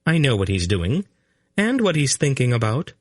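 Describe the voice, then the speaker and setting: A man voicing a calm, commanding sorceress who speaks crisply and with motherly authority, in an audiobook reading. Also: medium pitch, no echo, clean studio sound, pitched above the performer's own voice. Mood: dry, firm. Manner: crisp, brisk, gently condescending. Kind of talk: audiobook character voice.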